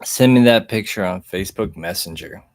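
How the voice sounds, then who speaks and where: A man's voice: on the low side, normal speed. A man chatting casually on a livestream, rambling and easygoing as he reads the chat, recorded through a webcam mic indoors. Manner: rambling and easygoing, chuckles often.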